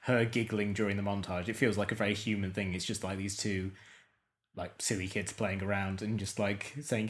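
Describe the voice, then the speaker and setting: A man with a somewhat low voice, hosting a laid-back film podcast. He talks in a relaxed way, with many fillers and frequent laughs. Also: moderate pace. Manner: relaxed, hesitant, laughs often. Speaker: podcast host. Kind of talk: casual film chat.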